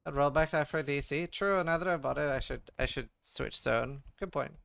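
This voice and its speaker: A man's voice: a little high, normal speed, gravelly, fairly bright tone, dry recording. A man streaming a video game, chatting casually, muttering to himself, swearing and stammering. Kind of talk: casual livestream chat while gaming.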